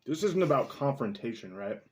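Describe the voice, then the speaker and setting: A man's voice: medium pitch, very animated, brisk. A young man chatting casually, teasing his dog playfully and telling loose, profane stories with laughs. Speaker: vlogger and musician. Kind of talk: casual chat and storytelling.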